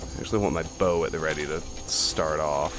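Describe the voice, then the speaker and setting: A man's voice: a bass voice, fairly even intonation, brisk. A man hosting a let's play, chatting casually as he plays, thinking aloud and swearing offhandedly. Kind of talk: casual gaming commentary.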